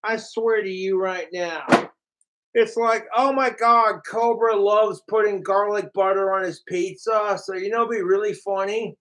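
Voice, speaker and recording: Male livestreamer, high pitched, unhurried delivery; profane, mocking third-person rant aimed at his trolls. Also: fairly bright tone, rough recording. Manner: mimics his trolls in sneering voices. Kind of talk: ranting livestream talk.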